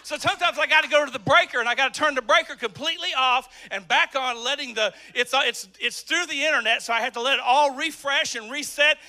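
A man preaching an energetic sermon to a church congregation, often shouting. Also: very high voice, fast, hardly any pauses. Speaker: pastor. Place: church sanctuary with live congregation.

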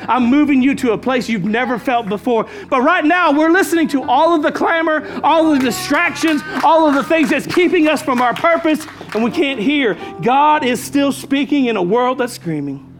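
A pastor with a very high voice preaches at a normal speed, soft music playing faintly behind him. He is emphatic, repeating key lines and calling out to the congregation.

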